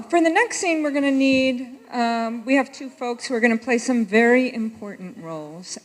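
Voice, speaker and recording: A woman leads a live church pageant, talking slowly with a lively, rising and falling voice. She is chatty and often loses her place and corrects herself. A long church echo hangs on every word. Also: fairly high pitch. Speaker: worship leader directing a pageant. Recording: echoey church sanctuary.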